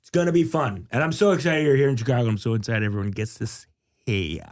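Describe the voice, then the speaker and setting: A man's voice: mid-range voice, fast talker, darkish tone. A man hosting a casual comedy podcast, goofy and self-mocking, with lots of filler words. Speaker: podcast host.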